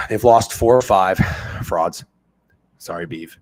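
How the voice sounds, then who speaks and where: A man in his thirties hosting a sports betting stream, talking casually and excitably with lots of profanity while reacting to his chat. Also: sits low, slow pace, dry recording. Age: 30s.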